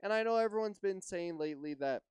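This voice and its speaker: A man hosting a solo podcast, chatting loosely and freely. His voice is smooth and clean, with a dry, close sound and no room around it. He rambles, hedges a lot and swears casually. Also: high-pitched, lively intonation, quick pace, darkish tone, no room sound. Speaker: podcast host.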